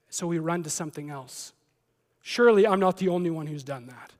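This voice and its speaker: A man's voice: on the high side, fairly quick, a little mellow, big-room sound. A man preaching a sermon as a pastor, reading scripture and then talking in a conversational way with joking asides.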